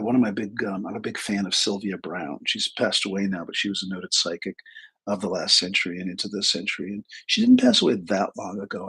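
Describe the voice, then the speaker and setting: Husky low-voiced man telling rambling anecdotes. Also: fairly bright tone, low-quality recording. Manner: rambling, anecdotal, many restarts and asides. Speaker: host, psychic and intuitive teacher. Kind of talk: casual livestream talk.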